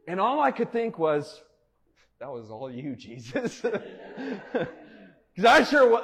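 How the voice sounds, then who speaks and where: A man's voice: high voice, breathy edge. A man preaching a sermon in a conversational way, telling a personal story with frequent "like" fillers and laughter. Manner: conversational, animated, laughs often, many "like" fillers. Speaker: pastor.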